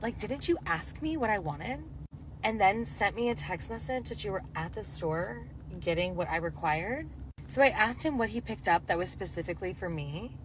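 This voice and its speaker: A woman's voice: medium pitch, expressive, normal speed, slight background noise, rough recording. A young adult woman telling a dating story casually, full of chatty "like" fillers.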